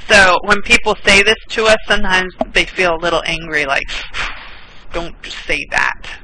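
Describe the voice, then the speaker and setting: A woman's voice: lowish voice, normal speed. An American woman teaching an online English class, patient, repeating words and laughing often. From United States. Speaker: English tutor. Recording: steady background noise with clicks.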